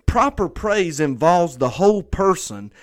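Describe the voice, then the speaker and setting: A pastor delivering a conversational sermon, earnest and repeating phrases for emphasis. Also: male voice, sits high, sing-song, measured pace.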